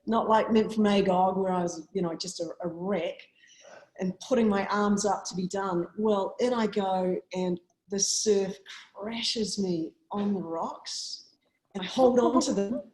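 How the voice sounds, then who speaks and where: A New Zealand woman, a marathon swimmer, tells animated stories as an interview guest, acting out her own past lines with big leaps in pitch. Her voice is slightly mellow and her pace measured, and the rough recording has an echoey room sound.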